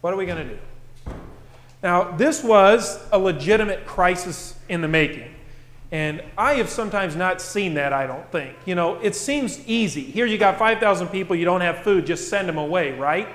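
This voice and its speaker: In a church hall with a long, echoing reverb, a pastor with a fairly high voice preaches to his congregation at a moderate pace. His delivery is relaxed and conversational, and he scatters rhetorical questions through his points.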